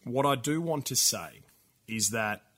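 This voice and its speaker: Aussie bloke co-hosting a gaming podcast, easily hyped, medium pitch. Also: male voice, measured pace. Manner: excitable, laughs often, pitch jumps when hyped. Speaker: podcast co-host. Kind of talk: casual chat.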